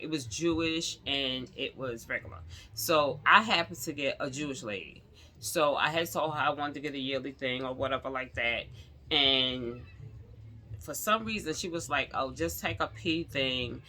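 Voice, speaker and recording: A middle-aged woman telling a personal story to camera, animated and talking straight to her viewers, acting out the other people's lines. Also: extremely low pitch, moderate pace. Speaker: vlogger.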